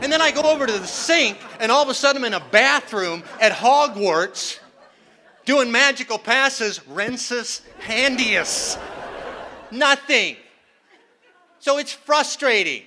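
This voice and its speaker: A man's voice: extremely high pitch, lively intonation, moderate pace, crowd noise. An older man performing a self-mocking stand-up comedy set on stage, acting out the voices he quotes. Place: conference hall stage with a live audience.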